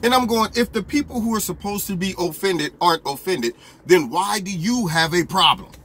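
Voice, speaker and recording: A man giving opinionated political commentary in an animated, argumentative way, full of rhetorical questions. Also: sits high, moderate pace, slight background noise.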